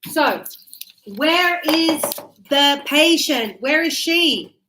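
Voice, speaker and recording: A woman teaches an English grammar class in a Sydney classroom, chatting loosely, repeating words and telling stories from her own life. Her high-pitched voice is expressive and very slow. The background is noisy.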